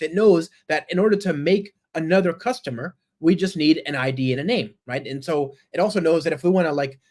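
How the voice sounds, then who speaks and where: The speaker is a man presenting live code at a conference, enthusiastic and talkative as he voices each line he types. "Right?" and "okay?" punctuate his check-ins with the crowd, and his pitch is on the high side.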